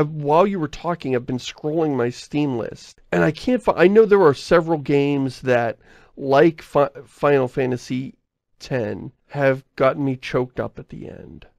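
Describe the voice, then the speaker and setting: A podcast host chatting casually in a rambling, self-interrupting way, often laughing and reading listener mail. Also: male voice, medium pitch, vocal fry, darkish tone, no echo. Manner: reads listener mail aloud.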